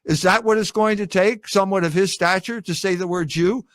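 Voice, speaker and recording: A male interviewer talks in a halting, hesitant manner, often stalling as he searches for his words. His voice is high for a man. The sound is close and dry, with no room echo. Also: fairly even intonation. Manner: halting, hesitant, many fillers and restarts. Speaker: host, interviewer. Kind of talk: interview conversation.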